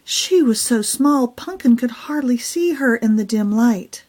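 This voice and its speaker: A woman reads her own children's picture book aloud in a gentle, expressive storytelling voice. Her pitch moves up and down a great deal, and she keeps the pace slow for young listeners.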